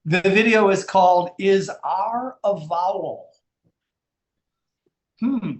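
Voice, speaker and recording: A man's voice: sits high, takes it slowly, roomy sound. A man teaching an English class, playful and teasing with his students.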